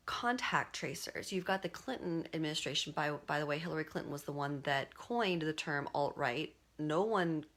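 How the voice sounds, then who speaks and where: A woman with a slightly low-pitched voice, talking straight to her viewers on a live stream. She rambles casually, full of "like" and "um", restarting her sentences as she goes. It sounds like a phone or webcam mic. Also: a bit bright. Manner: rambling, conversational, many fillers and restarts. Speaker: artist and livestream host.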